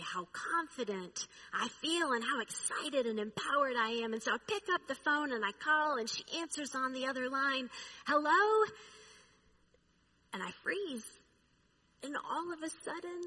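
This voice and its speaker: A woman preaching, telling a personal story in a slow, reflective way. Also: fairly high pitch, bright, forceful tone, slightly rough, poor audio.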